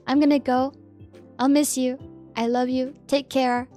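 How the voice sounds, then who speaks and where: A woman's voice: high voice, fairly even intonation, moderate pace, a little mellow, faint music behind. A sleepy woman streamer chatting casually with her viewers, giggling as she reads their messages aloud and answers them.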